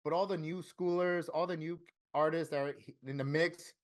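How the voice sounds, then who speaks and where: A man from Florida telling a story in casual interview talk, animated and profane, acting out what other people said. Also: a little high, normal speed. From Florida, USA. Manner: animated, profane, acts out quoted voices. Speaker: interview guest, tattoo artist.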